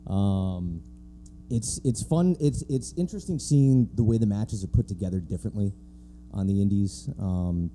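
A man appears as a wrestling referee guest on a live podcast. He talks earnestly in a very dark, warm voice and keeps restarting his sentences, with a faint hum behind him. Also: lowish voice, normal speed. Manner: earnest, stumbles and restarts often. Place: theatre stage before a live audience.

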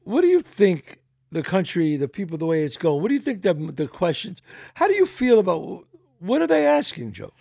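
A man hosting an interview show, asking questions in a halting, searching way with many restarts. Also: high-pitched, huge pitch swings, gravelly, darkish tone, no room sound, studio quality. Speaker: show host. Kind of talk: casual interview conversation.

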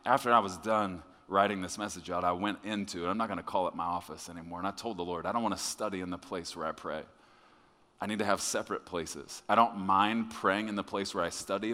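Male pastor, lowish forceful voice, conversational sermon delivery, long hall reverb. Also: fast. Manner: conversational, with restarts, swinging from quiet to loud and emphatic.

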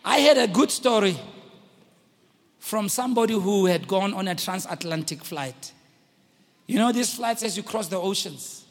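A man preaching a sermon, moving from hushed storytelling to loud, rousing exhortation. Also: high voice, moderate pace, pauses often. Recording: long hall reverb.

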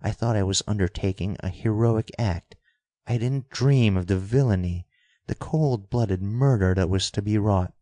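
A man's voice: fairly low pitch, moderate pace, mellow, no room sound, close to an everyday voice. A man doing a desperate, defiant young woman. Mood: impassioned. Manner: impassioned, urgent.

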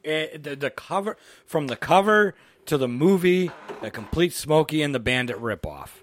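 A middle-aged man co-hosting a podcast, chatting casually and telling rambling, profane, animated movie stories into a close mic. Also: fairly high pitch, moderate pace, slight background noise. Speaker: podcast co-host. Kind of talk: casual chat about movies.

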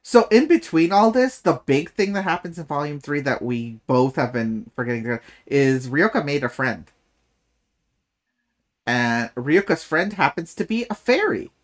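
Male podcast co-host, lively casual recap voice, sarcastic and loose, given to laughing and swearing. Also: on the high side, normal speed. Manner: animated, swears, laughs often. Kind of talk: casual book discussion.

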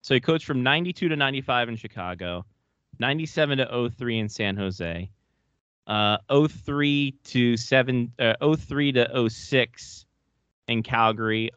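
A man hosting a casual hockey podcast, jokey and quick with stats. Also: mid-range voice, clear, resonant tone, no echo. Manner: lively, jokey, rattles off stats. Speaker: podcast host. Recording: dull, dry sound.

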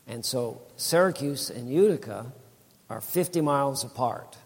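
A man's voice: mid-range voice, animated, a little slow, slightly rough, long reverb tail. A man in his sixties giving a rambling, folksy church testimony, with many restarts and laughs.

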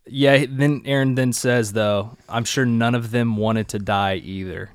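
A man's voice: mid-range voice, fairly even intonation, unhurried, clean tone, dry recording, studio quality. A young man co-hosting a podcast, casually recapping an anime episode and thinking aloud. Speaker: podcast co-host.

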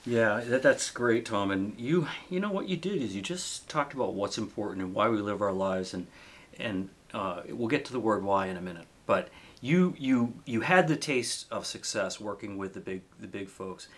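A man's voice: fairly low pitch, lively intonation, moderate pace, a bit bright. A middle-aged man from Maine, a fishing guide hosting a podcast, chatting reflectively with folksy sayings. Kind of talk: casual interview chat.

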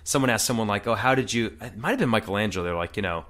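A man's voice: on the low side, rapid-fire, a bit bright. A man chatting casually about improv, rambling with many fillers and restarts. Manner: rambling, lots of "like" and "you know" fillers. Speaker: improv performer.

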